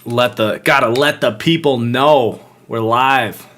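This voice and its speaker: A man's voice: medium pitch, slow pace, a bit bright. A young man hosting a live football podcast, chatting casually and greeting viewers by name. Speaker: podcast host.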